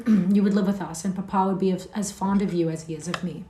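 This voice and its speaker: A woman's voice: medium pitch, fairly even intonation, a little fast, mellow, far from the mic, lightly acted. A woman playing a fiery young girl. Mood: indignant. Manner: pert, emphatic. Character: spirited, hot-tempered young girl. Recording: echoey room.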